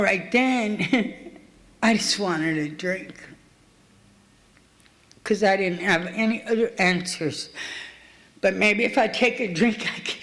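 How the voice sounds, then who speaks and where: Blunt streetwise woman telling her recovery story. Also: mid-range voice. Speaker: recovery meeting speaker. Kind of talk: personal recovery story at a meeting. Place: meeting hall.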